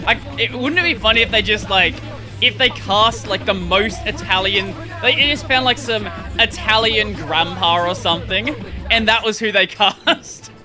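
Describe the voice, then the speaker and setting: A man's voice: sits high, moderate pace, music in the background. A man streaming games who rambles casually, laughs often and keeps restarting his sentences as he reacts. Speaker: gaming streamer. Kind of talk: casual live-stream commentary.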